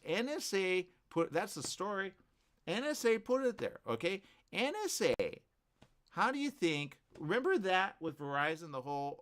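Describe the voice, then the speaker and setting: A man hosting a live morning show, rambling through animated asides full of restarts. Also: high-pitched. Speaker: host.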